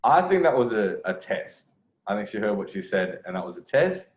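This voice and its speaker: A man's voice: lowish voice, sing-song, moderate pace. A man commenting on a video clip as a dating coach, rambling, correcting himself and repeating phrases. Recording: echoey room, dull lo-fi sound.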